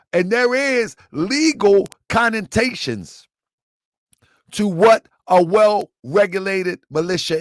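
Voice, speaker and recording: Male commentary host, high-pitched, dry close mic, insistent and repetitive, keeps asking listeners questions. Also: no echo. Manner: emphatic, repeats points, quizzes listeners. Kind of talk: live commentary to viewers.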